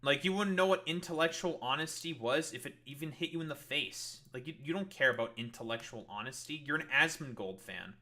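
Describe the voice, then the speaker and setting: Male streamer, fairly high and very bright, cutting voice; swears freely, sarcastic and exasperated. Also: a little fast, few pauses. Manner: profane, sarcastic, exasperated ranting. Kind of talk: heated livestream rant at chat.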